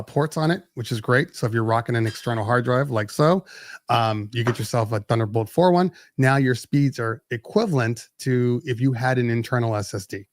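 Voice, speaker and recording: A man's voice: medium pitch, dry recording, studio quality. A man hosting a podcast, chatting casually and explaining with many restarts. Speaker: podcast host. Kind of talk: casual tech chat.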